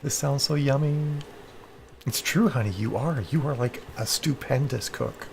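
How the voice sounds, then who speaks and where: A man's voice: mid-range voice, creaky, a little mellow, a little hiss or hum. Chatty man hosting a writing livestream. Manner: chatty, affectionate, calls people honey; reacts to viewer comments with quick exclamations. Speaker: livestream host of a writing session. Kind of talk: casual chat to viewers.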